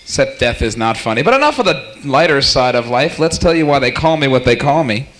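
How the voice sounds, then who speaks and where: A young man doing stand-up comedy at a small cafe, teasing the audience in a rapid, jokey way. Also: mid-range voice, sing-song, a bit bright. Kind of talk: stand-up comedy with crowd work.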